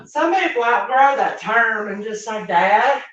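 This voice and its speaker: A woman's voice: a little high, expressive, a little slow, a bit bright. A woman chatting folksily with viewers while she cleans at home, a little out of breath. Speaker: vlogger. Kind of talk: casual live-stream chat while cleaning. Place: home, indoors. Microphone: phone set down while she moves around. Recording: roomy, dull phone audio.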